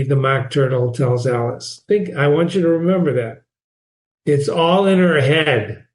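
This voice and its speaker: Man, reading teacher, informal lesson, repeats phrases, questions the listener, fairly high voice, roomy echo. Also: very animated, a little slow.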